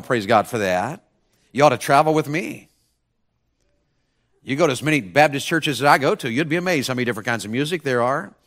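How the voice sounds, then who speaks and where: A man preaching a revival sermon in a church, folksy and conversational, swinging from loud shouts to hushed mocking asides. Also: medium pitch. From mountain region of the American South. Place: church sanctuary with congregation.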